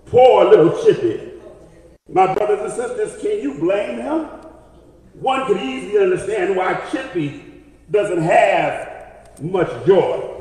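A man preaching a sermon, building to shouted, half-sung lines and asking the congregation for witnesses. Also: high-pitched, animated, takes it slowly, long pauses. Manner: rising to shouted, half-sung climaxes with congregation call-outs. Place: church sanctuary. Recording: echoey hall with long reverb.

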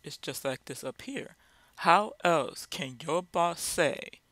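A man's voice: a little high, animated, slow pace, bright, forceful tone, dry recording. Plain-spoken man teaching the Bible. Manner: direct, repeats points with rhetorical questions.

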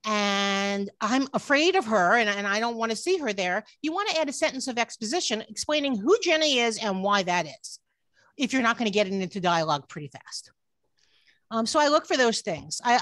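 A woman's voice: a little high, a bit bright, no room sound. A woman book editor giving an online workshop talk from home over a video call, earnest, often restarting her sentences with "um"s. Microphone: computer mic on a video call.

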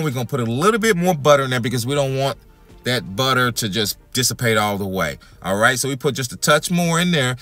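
A man's voice: medium pitch, sharp tone. A man hosting a home cooking demonstration in his kitchen, talking folksy and calling his viewers y'all and family. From Texas. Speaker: home cooking channel host.

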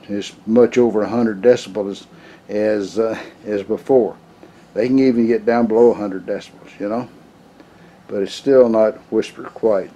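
A man's voice: fairly low pitch, warm tone. A man hosting his channel in casual workshop vlog talk, folksy and rambling with frequent restarts. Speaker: channel host.

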